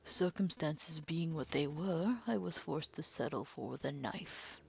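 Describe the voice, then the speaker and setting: A woman voicing a calm, sadistic middle-aged male killer, talking slowly in a hushed, mocking, polite way. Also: deep voice, gravelly, muffled recording. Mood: menacing calm. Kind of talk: dramatic reading of game text.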